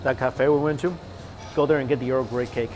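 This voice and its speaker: A man's voice: mid-range voice, fairly even intonation, brisk. Enthusiastic man vlogging food, music behind. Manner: enthusiastic, chatty, savoring food between lines. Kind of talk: casual food review vlog. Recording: music bed under the voice.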